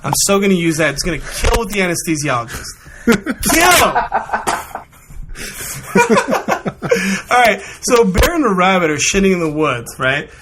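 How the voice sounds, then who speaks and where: Animated male podcaster, fairly high lively voice, noisy recording. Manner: animated, quick to joke and protest. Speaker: podcast guest. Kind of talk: casual chat.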